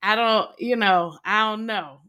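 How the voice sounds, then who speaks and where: A woman's voice: medium pitch, a little slow. Giggly woman telling a story. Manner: animated storyteller, giggles mid-sentence. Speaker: podcast co-host. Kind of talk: casual storytelling chat.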